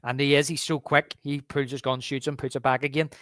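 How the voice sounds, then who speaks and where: A man co-hosting a movie podcast, casually retelling film scenes and quoting their lines in a lowered drawl. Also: little pitch movement, brisk, fairly bright tone, no room sound, clean studio sound. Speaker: podcast co-host. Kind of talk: casual movie review chat.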